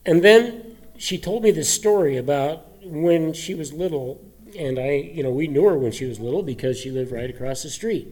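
A man, a pastor, preaching a conversational sermon with many fillers and restarts, his throat a little rough and choked up. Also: on the high side, moderate pace, a little mellow. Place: church sanctuary.

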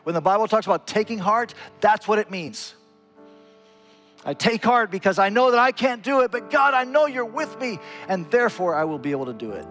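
A man preaching to his congregation, earnest and emphatic, swinging from lifted, urgent phrases to low, quiet ones. His voice sits a little on the high side. A guitar plays faintly behind him. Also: animated, fairly quick. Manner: earnest preaching with wide swings in pitch and loudness. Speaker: pastor. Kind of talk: sermon.

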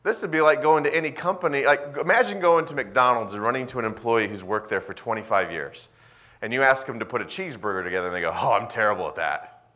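A male pastor preaching a sermon, swinging between loud emphasis and quiet asides. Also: medium pitch, fast.

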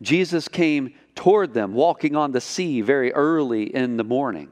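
Animated male pastor in a reverberant hall. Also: medium pitch, moderate pace. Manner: animated storytelling, acts out quotes. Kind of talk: sermon.

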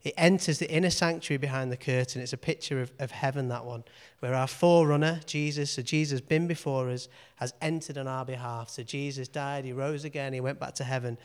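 Here the preacher talks a little fast with hardly any pauses, his medium-pitched voice steady and clean. Delivering an informal sermon in a church meeting room, he stays earnest, repeats himself, and says "okay" often to check in.

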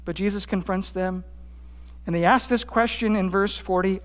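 A pastor preaching a sermon, rising for quoted cries and dropping low on his key points. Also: steady tone, moderate pace, a bit bright. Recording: long hall reverb.

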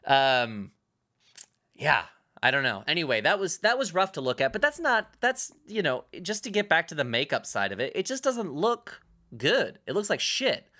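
A man's voice: a little high, big pitch swings, normal speed, pushed and bright. A man in casual film-review chat, talking in rambling stops and restarts and swearing now and then. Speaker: podcast co-host.

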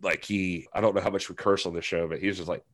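A man's voice: low-pitched, fairly even intonation, fast, fairly bright tone. A man as a podcast guest, telling rambling, self-deprecating stories in casual chat.

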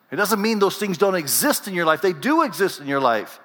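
A man's voice: high-pitched, very animated, a little fast, few pauses, fairly bright tone. A middle-aged man from Panama, a native Spanish speaker, preaching a sermon as a pastor in a conversational, storytelling way, often repeating and restarting phrases. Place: church. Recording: reverberant church sanctuary.

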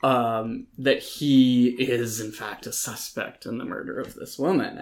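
A man talks through a TV show he disliked on a casual podcast, opinionated and animated. He fills gaps with ums and restarts his sentences. His voice sits at an ordinary middle pitch. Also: unhurried, few pauses. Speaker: podcast co-host reviewing films and TV. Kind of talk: casual chat.

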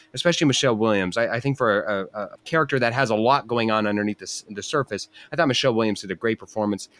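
A man's voice: mid-range voice, fairly bright tone, smooth. A man hosting a casual panel discussion, hesitant and restarting his sentences often. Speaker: host.

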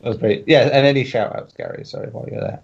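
A man hosting a casual podcast, easygoing and quick to laugh, with a gravelly voice. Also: medium pitch. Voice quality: gravelly, husky. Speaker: podcast host. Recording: dull lo-fi audio.

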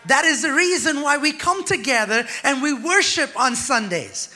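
High, bright-voiced preaching pastor. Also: male voice, expressive, moderate pace. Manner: emphatic preaching that swells louder and drops quiet by turns; calls out to the congregation. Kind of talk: sermon.

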